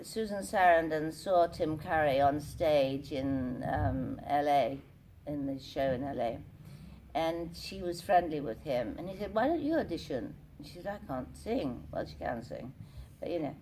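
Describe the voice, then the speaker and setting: A woman's voice: low voice, a little mellow, slight background noise. An older actress telling theatrical anecdotes in a convention interview, acting out the lines she quotes. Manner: theatrical storyteller who acts out quotes. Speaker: actress guest. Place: convention room.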